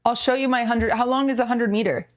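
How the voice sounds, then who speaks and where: A woman's voice: fairly high pitch, steady tone, quick pace. A woman streaming from home, chatting casually and pointing self-deprecating jokes at her chat while she moves around her kitchen.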